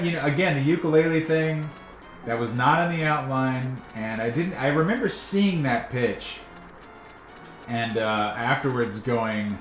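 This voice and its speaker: A man, the creator of a cartoon, telling stories in casual chat, laughing often. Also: medium pitch. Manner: chatty, laughs often, animated storyteller. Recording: roomy echo, faint music.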